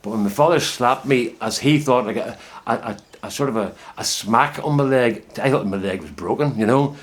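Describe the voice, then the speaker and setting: A man's voice: medium pitch, normal speed. A middle-aged man talking casually to camera from his greenhouse, rambling and reflective as he chats about his potato growing. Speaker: home potato grower vlogger. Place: inside a greenhouse.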